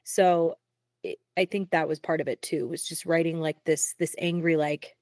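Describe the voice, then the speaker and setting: Candid low-voiced woman songwriter. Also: fairly even intonation, a little mellow, dry recording, studio quality. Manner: frequent "like" fillers, quick laughs. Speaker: singer-songwriter guest. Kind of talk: candid casual interview.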